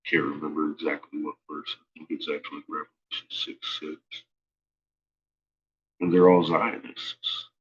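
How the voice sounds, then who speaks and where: A man's voice: sits low, husky, lo-fi sound. A man talking in a rambling, casual monologue, swearing often and stumbling over his words. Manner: profane, stammering, rambling.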